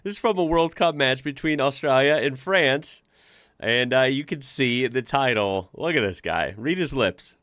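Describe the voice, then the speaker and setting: A man's voice: mid-range voice, expressive, moderate pace, fairly bright tone, no echo, studio quality. A man hosting a casual reaction video, chatting with lots of fillers and laughing often.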